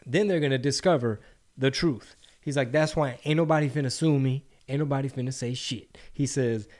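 A man's voice: mid-range voice, fairly quick. A man co-hosting a casual podcast, talking in slangy, swearing, mocking bursts. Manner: animated, mocking impressions, slangy. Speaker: podcast co-host. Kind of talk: casual profane chat.

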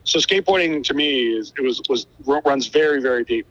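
A man's voice: mid-range voice, brisk. A man, a guest musician, telling stories energetically in a casual interview and acting out the dialogue. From Buffalo, New York. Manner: energetic, acts out quoted dialogue. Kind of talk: animated storytelling in casual conversation. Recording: dull lo-fi sound.

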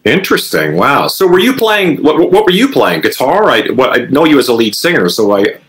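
A man interviewing a musician guest, asking slow, attentive questions. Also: mid-range voice, very animated, a bit bright, a little hiss or hum. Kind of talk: podcast interview.

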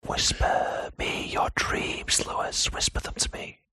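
A Welsh man doing a whispered role-play as a seductive male ASMR host, slow and breathy close to a professional mic. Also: pushed and bright, no room sound. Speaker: podcast host. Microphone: professional microphone.

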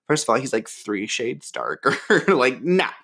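A man telling a story in a casual, sassy way, full of "like", his voice leaping up when he gets excited. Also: measured pace, creaky, husky. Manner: chatty and sassy, heavy use of "like"; animated, with voice jumping high when excited.

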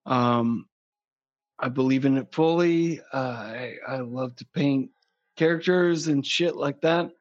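A man's voice: medium pitch, takes it slowly. A man chatting casually as a podcast guest, joking crudely and rambling. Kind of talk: casual chat. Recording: dull lo-fi sound.

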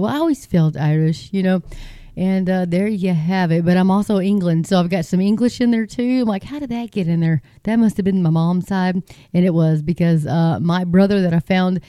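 A woman's voice: lowish voice, normal speed, warm tone, clear, resonant tone, dry recording, clean studio sound. A middle-aged woman from Texas with a Texan accent, chatting in a folksy, rambling way as she reads news aloud and encourages her Christian viewers. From Texas, United States. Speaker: Christian video host. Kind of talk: casual talk reading news aloud.

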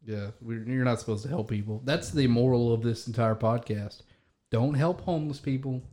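A man's voice: medium pitch, moderate pace, mellow. A man guesting on a podcast, trading crude jokes in loose chat. His voice sits in an ordinary middle range. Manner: joking, crude. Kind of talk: casual chat.

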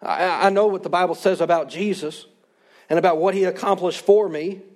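High-voiced male pastor preaching. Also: fairly quick, a little mellow. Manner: earnest, conversational preaching with congregation responses. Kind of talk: sermon.

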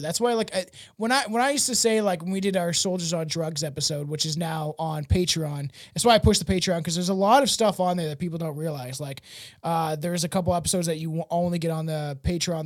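A man's voice: fairly high pitch, dry recording, clean studio sound. A man hosting a podcast, rambling casually with frequent laughs and swearing. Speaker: podcast host.

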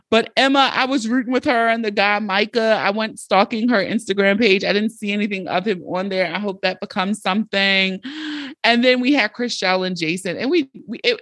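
A woman's voice: mid-range voice, no room sound, clean studio sound. Blunt, swearing woman podcast host. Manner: blunt, animated, heavy swearing. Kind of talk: solo podcast monologue.

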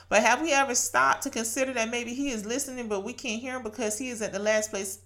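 A woman's voice: a little high, fairly even intonation, fast talker, fairly bright tone. A woman in her late thirties or forties hosting a podcast, giving an earnest, chatty devotional talk that she laces with laughter and scripture quotes. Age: late 30s to 40s. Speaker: podcast host.

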